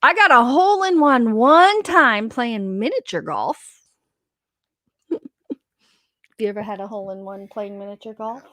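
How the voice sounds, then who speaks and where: A woman's voice: fairly high pitch, expressive, measured pace, long pauses, bright, forceful tone, no echo. A woman co-hosting a casual livestream from her home, chatting and reading viewer comments aloud. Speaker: livestream co-host.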